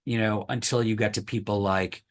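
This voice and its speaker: A man's voice: fairly low pitch, steady tone, brisk. A male historian being interviewed on a podcast, explaining thoughtfully with many hedges and fillers. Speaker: historian guest.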